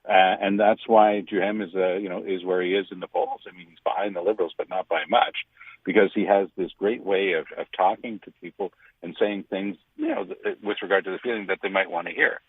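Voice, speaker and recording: An older man giving indignant, emphatic radio commentary, stressing words with big jumps in pitch. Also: a little fast, husky, no echo. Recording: dry, phone-like radio line.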